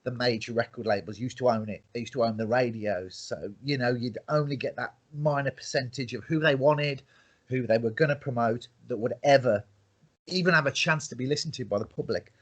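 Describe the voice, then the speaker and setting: A male musician answers interview questions with eager, restarting sentences. His voice is husky and sits in a middle pitch. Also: a little fast. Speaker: musician, band member. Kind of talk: casual interview chat.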